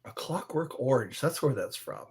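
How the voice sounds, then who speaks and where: A man hosting his own live stream, chatting slowly and aimlessly, greeting viewers by name and trying to recall old movies. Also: medium pitch, wildly swooping pitch, a little mellow. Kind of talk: rambling live stream chat.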